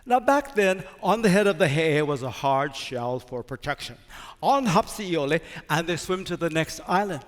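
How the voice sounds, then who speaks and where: An older man telling a folktale on stage, slow, dramatic and expressive. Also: fairly high pitch. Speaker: storyteller. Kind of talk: theatrical folktale storytelling. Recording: reverberant stage hall.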